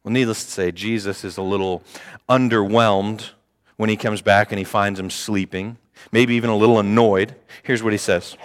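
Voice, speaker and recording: A man preaching a sermon, retelling scripture with playful mock dialogue and animated asides. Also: fairly low pitch, moderate pace, long reverb tail. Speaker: pastor.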